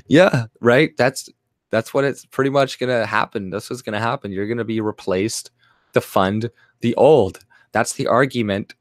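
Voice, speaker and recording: A man's voice: mid-range voice, unhurried, dry recording. Angry sweary man ranting, dry sound. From Canada. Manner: angry, rambling, sweary, many fillers and restarts. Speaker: vlogger. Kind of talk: profane ranting monologue.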